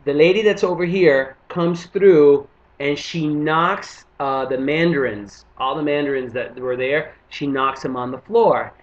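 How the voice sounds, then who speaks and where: A man from Panama tells a stand-up story, acting out the people in it with lively energy. His voice sits slightly high. The recording is muffled and lo-fi. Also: a little slow, hardly any pauses. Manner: animated, acts out other people's lines. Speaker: stand-up comedian.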